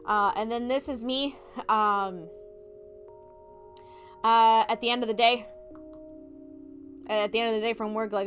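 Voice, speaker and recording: A woman's voice: on the high side, lively intonation, unhurried, long pauses, a bit bright, faint music behind. A young woman chatting casually on a livestream, bubbly and giggly, acting out little reactions. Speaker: vtuber streamer.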